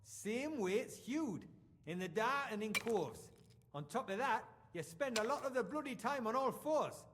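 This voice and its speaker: Gruff old-world miner, high-pitched and lively, thick dialect, echoing game audio. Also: male voice, a little slow, a little hiss or hum, heavily acted. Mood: matter-of-fact. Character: gruff male medieval miner, suspicious, folksy.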